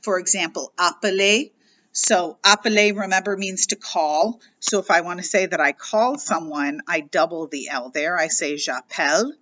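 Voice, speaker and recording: Bright-voiced woman teaching a grammar lesson. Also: fairly low pitch, muffled recording. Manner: patient, explanatory, spells out letters. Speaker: French teacher.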